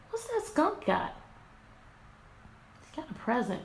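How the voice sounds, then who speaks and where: A woman teacher reading a picture book aloud to her class, animated and asking many questions. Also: fairly high pitch, unhurried. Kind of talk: interactive read-aloud lesson. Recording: echoey room, faint background noise.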